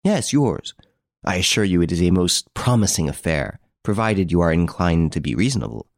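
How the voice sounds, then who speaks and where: A man's voice: sits low, sing-song, normal speed, no room sound. A man reading an audiobook, voicing a cool, menacing middle-aged ex-detective who speaks in a dry, hard, precise way. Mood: cold, assured.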